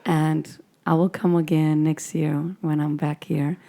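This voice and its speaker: A woman from the Netherlands, a guest DJ, talking in a hoarse voice in a casual, enthusiastic interview chat. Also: sits low, little pitch movement, measured pace, mellow.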